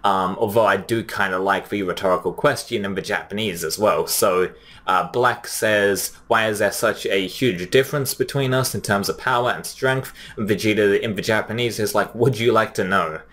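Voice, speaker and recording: A young man giving casual, chatty commentary, often pausing with fillers and restarting his sentences. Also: lowish voice, a bit bright. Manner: chatty, frequent fillers, restarts, reads quotes plainly. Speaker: anime commentary host. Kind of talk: casual commentary comparing dub lines.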